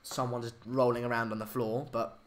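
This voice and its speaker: A man's voice: medium pitch, little pitch movement, moderate pace. A young man, hosting a casual live stream chat, hesitant with many fillers and restarts. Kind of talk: casual live match chat, reading comments.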